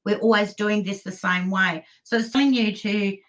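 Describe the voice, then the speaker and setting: A woman's voice: mid-range voice, steady tone, normal speed, low-quality recording. Hesitant Australian woman reading cards. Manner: gentle, hesitant, many "um"s. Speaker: psychic reader. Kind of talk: live online card reading.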